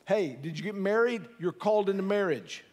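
A man's voice: sits high, animated, fairly quick, darkish tone. A middle-aged man preaching a sermon in a conversational, joking way, often asking the audience questions. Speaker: pastor. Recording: long hall reverb.

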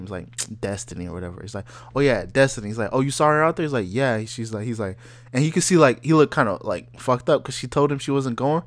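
Young male podcast host, casual storyteller, animated and laugh-prone. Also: medium pitch. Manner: animated, acts out voices in anecdotes, laughs often.

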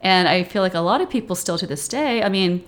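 A woman's voice: on the low side, lively intonation, a little fast. A woman co-hosting a podcast, chatting casually about a horror film and laughing often. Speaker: podcast co-host.

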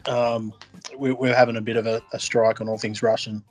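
A man's voice: medium pitch, level tone, fairly quick. A man with an Australian accent, co-hosting a podcast in casual banter, wisecracking and swearing. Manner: wisecracking, laughs often, swears. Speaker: podcast co-host.

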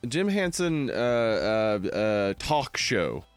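A man's voice: on the low side, big pitch swings, drawn-out words, smooth, no echo, faint music behind. A man from New Jersey co-hosting a casual movie chat podcast, rambling with fillers and laughing often. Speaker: podcast co-host.

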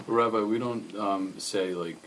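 A man, a student, asking hesitant, halting questions in a class, recorded distant from the mic. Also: fairly low pitch, a bit bright, slight background noise.

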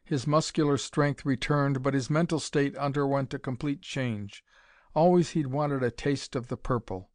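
A man's voice: medium pitch, normal speed, a little mellow, no echo. A man narrating a dramatic pulp adventure story, reading it aloud in a dry recording.

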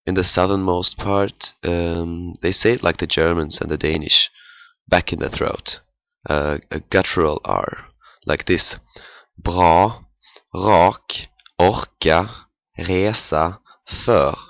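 A man giving a pronunciation lesson, speaking haltingly with many fillers and repeating sounds to demonstrate. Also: sits low, level tone, no room sound, lo-fi sound. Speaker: language teacher.

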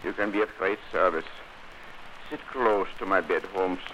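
An injured German nobleman in an old radio play, his German-accented speech halting with weakness. The voice sits low yet has a bright, forward edge. He stays courteous through the strain. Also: muffled recording, slight background noise. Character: wounded aging German count, weak and courteous. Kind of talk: 1940s radio acting.

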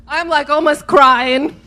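A woman's voice: sits high, pushed and bright. A woman sharing a personal story in casual chat with her husband, laughing often. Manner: giggly, slow, often laughing. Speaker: co-host, wife.

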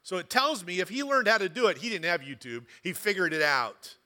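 Bright, high-voiced man preaching a sermon. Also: animated, a little fast. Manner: swings between loud emphatic preaching and quiet conversational asides. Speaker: pastor.

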